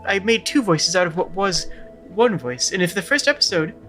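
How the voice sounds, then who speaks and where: A man's voice: sits high, lively intonation, moderate pace, pushed and bright. A man streaming a retro game, chatting about how he voices its characters, with faint music behind. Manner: chatty, explaining with frequent restarts.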